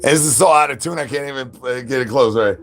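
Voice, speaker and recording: A man's voice: mid-range voice, fast talker, over loud music. A man chatting with viewers on a livestream while standing outdoors, playful and full of goofy catchphrases and animal noises.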